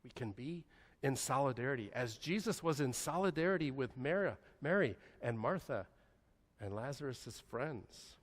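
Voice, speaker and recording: A man preaching a sermon as pastor, slow and soft-spoken, with long pauses, often dropping to a hushed voice. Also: medium pitch, expressive. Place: church sanctuary. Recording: echoey church hall.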